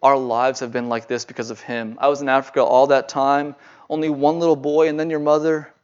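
A man's voice: medium pitch, flat delivery, brisk, smooth, muffled recording, lightly acted. A man reading out the angry words of a bitter, broken old father in a sermon story. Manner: spits words out angrily.

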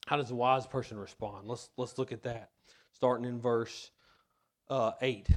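A man's voice: mid-range voice, moderate pace. Earnest male pastor preaching a sermon. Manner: earnest, tells personal anecdotes.

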